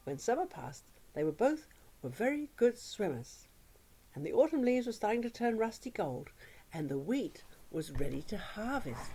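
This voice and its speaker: Woman, oral storyteller, children's story, sing-song, expressive, very lively pitch, dramatic hushes. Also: moderate pace, slightly rough.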